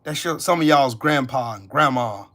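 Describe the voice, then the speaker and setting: A man's voice: mid-range voice, moderate pace, fairly bright tone. A man hosting his own channel, delivering an angry, profane rant that curses, accuses and repeats its lines. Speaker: channel host.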